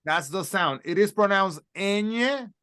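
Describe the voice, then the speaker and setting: A man teaching a Spanish class, slowly sounding out letters and words for his students to repeat. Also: sits high, lively intonation, a bit bright, clear, resonant tone. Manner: slow, carefully sounds out letters and words for repetition. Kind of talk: classroom language lesson.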